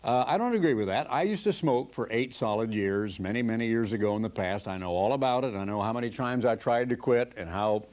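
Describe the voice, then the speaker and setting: A man's voice: mid-range voice, fairly quick, hardly any pauses, darkish tone. An older man giving a televised sermon in an earnest, conversational preaching manner.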